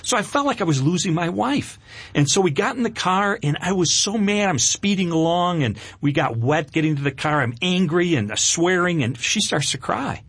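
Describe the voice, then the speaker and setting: A middle-aged man telling his life story as a guest on an interview show, emotional and animated, with many restarts. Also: high voice, moderate pace, husky, dry recording.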